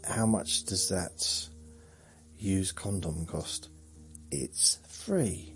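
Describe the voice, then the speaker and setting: A man with a low voice talks slowly through a rambling sleep-podcast monologue. He muses in a dry, self-mocking way, and faint music plays underneath. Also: big pitch swings. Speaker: podcast host.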